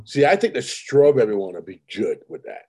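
A man's voice: mid-range voice, very animated, a little fast, mellow, slight background noise. A man telling rambling, profane stories in casual conversation as host. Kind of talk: casual chat.

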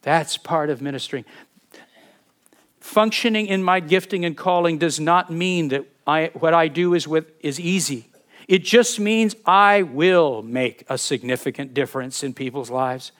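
A man with a somewhat high voice delivers a heartfelt sermon as a pastor. He speaks earnestly to his congregation, now pressing a point, now going quiet, and he often stumbles over and repeats words as he goes. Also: a little slow. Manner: earnest, repeats words when searching, swings from emphatic to hushed.

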